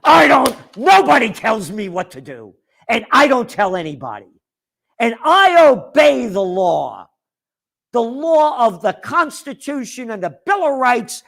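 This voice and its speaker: Older New York man, high-pitched and slow, hosts an angry, profane rant. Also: big pitch swings, vocal fry, a bit bright. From New York (Bronx). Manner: fiery, blunt, profane ranting. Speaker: host. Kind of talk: angry commentary monologue.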